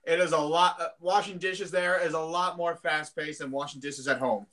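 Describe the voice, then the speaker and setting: A man's voice: on the high side, steady tone, normal speed, pushed and bright. A man co-hosting a casual podcast, rambling along with frequent ums and uhs. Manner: rambling, hesitant with many ums. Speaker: podcast co-host. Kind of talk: casual chat.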